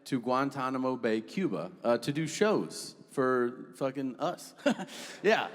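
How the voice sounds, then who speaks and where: Male stand-up comic, deadpan storyteller, lively pitch, live venue with long reverb. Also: slow pace. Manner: deadpan storytelling with acted quotes, profane. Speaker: stand-up comedian. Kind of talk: stand-up comedy routine. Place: comedy stage.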